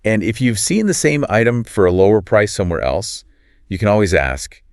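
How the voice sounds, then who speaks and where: A man's voice: on the low side, very animated, moderate pace, a little mellow, dry recording, studio quality. A male co-host of an English lesson podcast, upbeat and explaining pronunciation tips.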